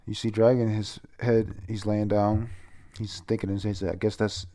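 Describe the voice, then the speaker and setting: A man's voice: fairly low pitch, level tone, normal speed, mellow. A man casually recapping a manga chapter, rambling, swearing and stumbling over names.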